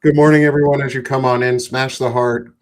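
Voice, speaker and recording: A man's voice: medium pitch, level tone, a little fast, a loud crowd. A man hosting a casual live chat, loose and joking, swearing freely. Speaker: host.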